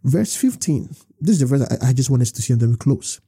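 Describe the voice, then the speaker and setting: A man preaching a sermon, emphatic, reading scripture slowly and urging his listeners. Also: mid-range voice, lively intonation, dark tone, breathy edge, soft background music. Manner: emphatic, repeats scripture slowly and exhorts the congregation.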